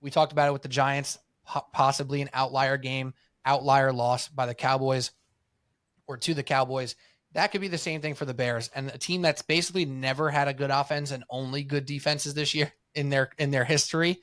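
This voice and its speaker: A man with a New York accent co-hosting a sports podcast, telling stories in a lively way and acting out what people said. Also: medium pitch, brisk, no echo, studio quality. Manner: animated storytelling, acts out quotes. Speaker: podcast co-host. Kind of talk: casual sports chat.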